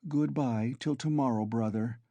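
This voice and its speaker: Brief: earnest young woman, as a male reader puts her on, gentle yet quick to bristle, raised pitch, warm. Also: no room sound, natural voice. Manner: gentle but impetuous.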